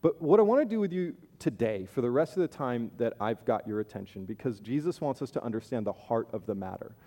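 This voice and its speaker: A man's voice: medium pitch, expressive, fairly quick, warm tone, big-room sound. A man preaching a sermon as pastor, conversational, with playful asides and acted-out voices of the people he describes.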